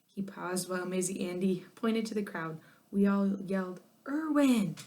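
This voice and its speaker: Expressive female narrator for a children's chapter book, lively delivery. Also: lowish voice, moderate pace. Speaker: audiobook narrator. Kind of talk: children's storybook reading.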